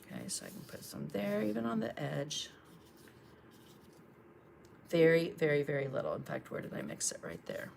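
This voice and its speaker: A low-pitched woman with a drawl talks viewers through a painting demo. She chats warmly and encourages them while working with her brush. A faint hiss sits under her voice. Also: huge pitch swings, moderate pace, vocal fry, long pauses. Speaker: painting instructor on a livestream. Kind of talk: casual painting demonstration.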